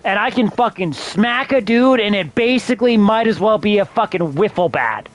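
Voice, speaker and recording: Streamer guy, high voice, swears constantly, frustrated rant into a desk mic. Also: lively intonation, normal speed, no room sound. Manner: profane, exasperated ranting. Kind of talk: casual game-stream rant.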